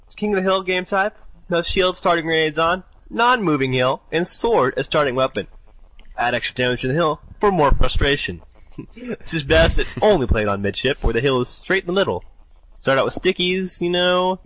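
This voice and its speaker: A man's voice: fairly high pitch, lively intonation, normal speed, a bit bright, dry recording, rough recording. A young man co-hosting a casual gaming podcast, reading out listener submissions and trailing off at times. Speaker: podcast co-host.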